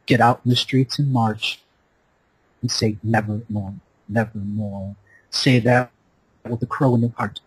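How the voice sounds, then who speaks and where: A man's voice: mid-range voice, breathy edge, no room sound, poor audio. A man hosting a show over a call, giving an impassioned spiritual monologue in a repetitive, incantatory preaching cadence. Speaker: radio show host. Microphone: Skype call.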